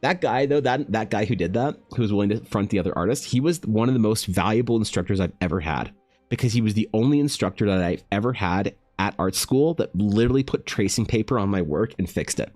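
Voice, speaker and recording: A man's voice: quick pace, dry recording, faint music behind. A man chatting casually while he draws, telling loose, rambling stories full of "like", "bro" and swearing. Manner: slides into animated high-pitched voices for quoted people. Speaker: artist streaming while drawing.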